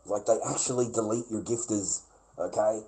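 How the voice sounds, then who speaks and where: A man's voice: lowish voice, normal speed, dark tone, rough recording. A man ranting on a livestream, blunt, sweary and aggrieved, repeating his points. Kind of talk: casual livestream rant.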